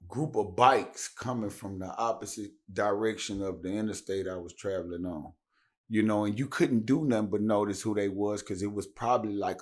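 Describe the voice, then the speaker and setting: Give me a man in his forties, casually telling a long story and voicing the people in it. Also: fairly low pitch. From Tennessee. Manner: animated, acts out dialogue with raised voice. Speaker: podcast guest.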